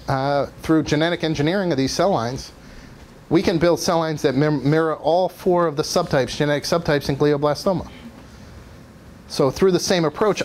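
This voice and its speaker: A man giving a university guest lecture, explaining methods step by step and now and then asking the audience questions. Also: fairly high pitch. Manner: explanatory, asks audience questions, some fillers. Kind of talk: academic lecture. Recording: faint background noise.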